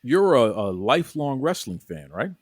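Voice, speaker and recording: A man with a Boston accent hosting a casual podcast interview, energetic and folksy, often repeating his words. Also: medium pitch, moderate pace, breathy edge, dry recording, clean studio sound. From Boston, USA. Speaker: podcast host.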